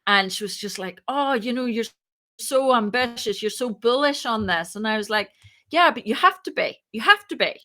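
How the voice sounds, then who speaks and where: A woman founder talks on a podcast with a bright, clear, somewhat high voice. She tells her story casually and with energy, and slips into the voices of the people in it. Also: moderate pace. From moved to Ireland. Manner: lively, acts out quoted dialogue. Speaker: podcast guest, startup founder.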